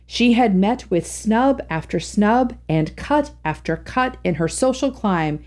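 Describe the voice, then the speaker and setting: Expressive, mellow-voiced woman storyteller. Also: medium pitch. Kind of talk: reading a classic short story aloud.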